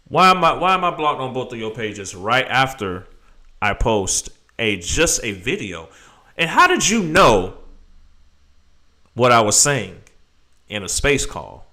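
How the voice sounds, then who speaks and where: Man, live-stream host, casual rambling commentary, very lively pitch, bright tone. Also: measured pace, pauses often. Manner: rambling and animated, talking to viewers.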